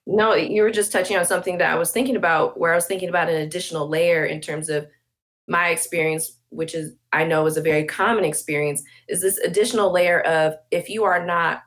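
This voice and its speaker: A woman's voice: on the low side, fairly even intonation, fairly quick. A woman speaking as a podcast guest, passionate and emphatic, building her points with rhetorical questions. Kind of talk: conversational interview.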